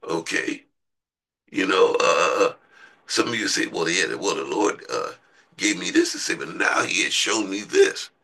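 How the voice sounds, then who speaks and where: A man's voice: a little slow, gravelly, poor audio. A man preaching a sermon in a conversational way, asking his listeners rhetorical questions. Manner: conversational, asks the congregation rhetorical questions, voice jumps high when excited.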